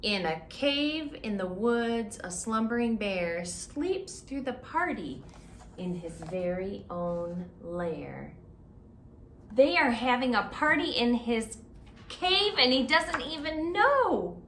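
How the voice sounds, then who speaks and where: A woman, a children's librarian, reading a picture book aloud in an animated, playful, expressive way. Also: a little high, slow. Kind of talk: storybook read-aloud for children. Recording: roomy echo, faint hiss.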